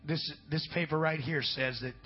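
A middle-aged pastor telling a story in a folksy sermon, dropping in amens and swinging between loud and hushed. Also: male voice, on the high side, fairly even intonation, moderate pace. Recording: dull lo-fi recording with faint music.

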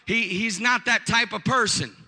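A woman's voice: a little high, moderate pace, pushed and bright, big-room sound, full character voice. A male preacher quoting a wary, anxious young woman who pleads insistently. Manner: worried, insistent.

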